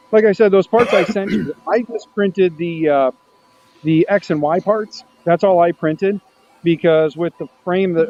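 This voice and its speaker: A man hosting a casual maker hangout stream, chatting in a loose, rambling way. His voice sits a little high. The audio is muffled and lo-fi. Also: a little mellow, a little hiss or hum. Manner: rambling, restarts often. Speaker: host of a maker livestream. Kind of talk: casual chat.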